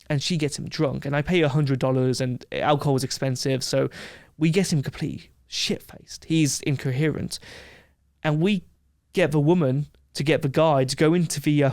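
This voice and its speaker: A man from England, a podcast guest telling a brash, animated story in casual chat. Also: a little high, no echo, clean studio sound.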